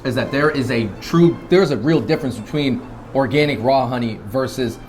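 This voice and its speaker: Eating dessert as he talks, an easygoing, agreeable young web host keeps a casual interview rolling at a dessert shop. He speaks briskly in a mid-range, slightly mellow voice, with a faint hiss or hum underneath.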